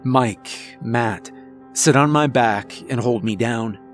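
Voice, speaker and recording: A man's voice: mid-range voice, takes it slowly, soft background music, close to an everyday voice. A man voicing a commanding boy who takes charge of his friends, giving urgent orders. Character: bossy, take-charge boy, group leader.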